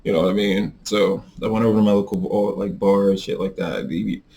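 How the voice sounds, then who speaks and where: A man's voice: on the low side, steady tone, quick pace, vocal fry, warm tone. A young man talking casually to his viewers in a rambling, profane, heated rant. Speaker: vlogger reviewing vape carts.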